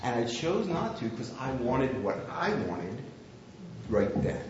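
A man's voice: medium pitch, big pitch swings, slow pace, noisy background. A man preaching a sermon, telling a candid, self-deprecating story about himself. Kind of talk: sermon with personal anecdote. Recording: very echoey, slightly dull room recording.

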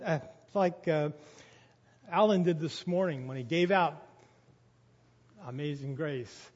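A man preaching a sermon, going from quiet to loud when he quotes scripture. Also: on the high side, takes it slowly, long pauses. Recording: dull sound with long reverb of a hall.

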